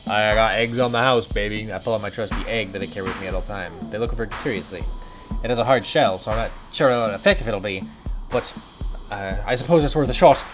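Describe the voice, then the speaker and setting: A man's voice: fairly low pitch, fast, over music. A young man narrating his own text-adventure game session in a casual, joking way, reading the game text aloud. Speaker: gaming video creator.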